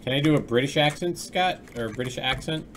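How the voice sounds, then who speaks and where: A man's voice: medium pitch, quick pace, noisy background. A man streaming his game development work live, chatting casually with viewers and laughing often.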